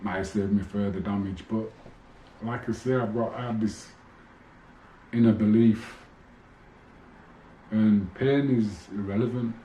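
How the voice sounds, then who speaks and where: A man's voice: on the low side, fairly even intonation, a little slow, long pauses, warm tone, slight background noise. A man, a former boxer bluntly telling stories from his career in a rambling, swearing way. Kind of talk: casual monologue to camera. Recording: echoey room.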